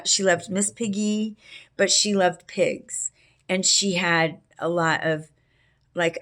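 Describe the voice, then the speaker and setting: Slow-talking woman telling a rambling story. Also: medium pitch, fairly bright tone. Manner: rambling, with many fillers and restarts. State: allergies, clearing her throat. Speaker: vlogger telling a personal story. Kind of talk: casual storytelling monologue.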